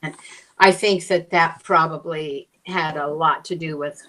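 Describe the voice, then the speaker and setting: A woman's voice: deep voice, fairly even intonation, measured pace, a bit bright, poor audio. An older woman chatting on a podcast, starting hesitantly and telling stories wryly. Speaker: podcast panelist. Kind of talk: casual chat.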